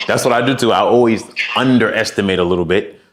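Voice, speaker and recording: A man's voice: on the low side, quick pace, background noise. A man working as a fitness coach, giving direct, encouraging advice and talking through examples. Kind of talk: coaching session.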